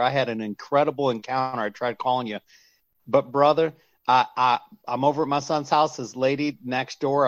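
A man's voice: medium pitch, a bit bright, dull audio. A man calling in to a talk show, telling a story in a chatty way and calling the host brother. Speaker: caller. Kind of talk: phoned-in storytelling.

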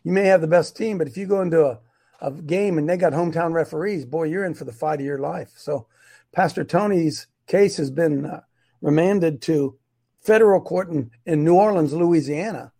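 A man's voice: a little high, moderate pace, gravelly, dark tone. A middle-aged man hosting a live online show, preaching emphatically and repeating his points. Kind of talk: fiery preacher-style live stream talk.

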